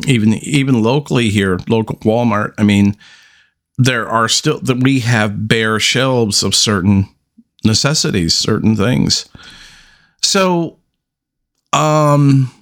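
A man hosting a solo podcast, talking unscripted, halting and restarting, with long deliberate pauses between statements. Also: on the low side. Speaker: podcast host.

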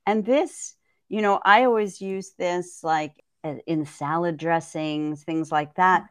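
A woman's voice: on the low side, slow, dry recording, studio quality. A woman herbalist guest on a podcast, explaining things thoughtfully and often checking in with "right?". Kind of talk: conversational podcast interview.

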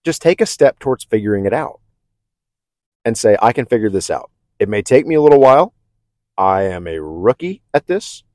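A mellow, lowish-voiced podcast host with big pitch swings moves at a moderate pace through a candid, reflective self-help monologue. He restarts sentences and often asks the listener "okay?", and the sound is close and dry with no room echo.

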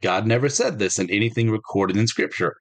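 A man's voice: lowish voice, a little fast, low-quality recording. A man teaching a casual Bible study, talking loosely, correcting himself and reading scripture passages aloud. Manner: conversational, self-correcting, reads scripture aloud.

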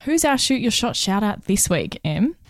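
A woman's voice: medium pitch, sing-song, moderate pace, no room sound. Upbeat Australian woman, dry sound. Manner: upbeat, friendly, giggly. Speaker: podcast co-host, recruitment coach. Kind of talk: casual podcast chat.

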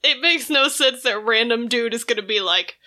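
A woman co-hosting a casual podcast, reacting to a comic recap with quick sarcastic quips. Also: on the high side, bright, forceful tone. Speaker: podcast co-host.

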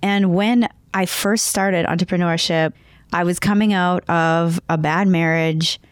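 A woman's voice: on the low side, fairly even intonation, measured pace, smooth, no echo, clean studio sound. A woman from North Dakota with an Upper Midwest US accent, talking casually as a guest on a podcast. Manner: friendly, giggly, conversational. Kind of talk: casual interview chat.

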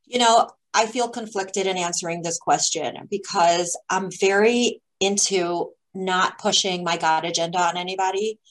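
A woman, a spiritual teacher, speaking in a measured, reflective way as a guest in a conversation. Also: fairly low pitch, low-quality recording. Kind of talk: thoughtful conversation.

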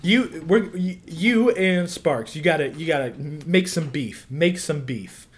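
A game master describes scenes for a tabletop game, often stopping and restarting mid-sentence. The voice sits in a middle pitch. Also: a little hiss or hum. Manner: halting, many fillers and restarts.

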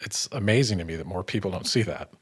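A man's voice: low voice, fast, breathy edge. A man hosting a podcast interview, enthusiastic and agreeable, laughing easily as he responds to his guest. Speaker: podcast host. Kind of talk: casual interview talk.

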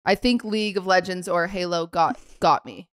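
A young woman co-hosting a podcast, telling a story in casual chat and acting out the quotes with sudden swings in loudness. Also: on the low side, moderate pace. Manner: animated storyteller acting out quotes, swings between soft mutters and loud outbursts. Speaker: podcast co-host.

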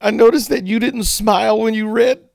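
An oversensitive, wounded coworker whines in a pitch pushed well above the speaker's own, as a man puts him on. The voice is pleading and injured, acted out in a dry, close recording. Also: steady tone, moderate pace, vocal fry, no echo. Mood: hurt whining. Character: oversensitive hurt colleague, whiny and wounded.

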